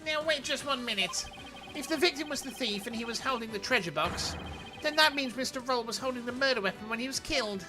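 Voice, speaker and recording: A man voicing a stern, haughty prosecutor who speaks slowly and coolly. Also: very high-pitched, lively intonation, voice pushed up. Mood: challenging. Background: game music.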